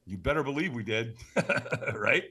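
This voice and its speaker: A man, a podcast guest, telling a personal story in an animated way, acting out the voices he quotes and sometimes shouting them. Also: mid-range voice, a little slow, husky.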